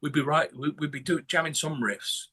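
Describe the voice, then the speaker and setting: A man's voice: fairly high pitch, fairly even intonation, normal speed, sharp tone. A man from northern England talking bluntly in a casual interview, swearing a lot and restarting his sentences. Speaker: guest musician.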